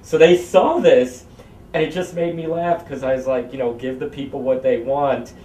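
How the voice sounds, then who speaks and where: A man's voice: medium pitch, moderate pace, mellow, reverberant, recorded from a distance. A man puppeteer in an interview, rambling through stories and acting out voices as he tells them. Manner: rambling, acts out voices in anecdotes.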